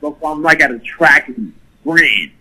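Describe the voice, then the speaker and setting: A man's voice: fairly high pitch, expressive, measured pace, bright, forceful tone, low-quality recording. A man telling a crude, profane party story in casual talk, full of swearing and laughter. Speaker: guest storyteller.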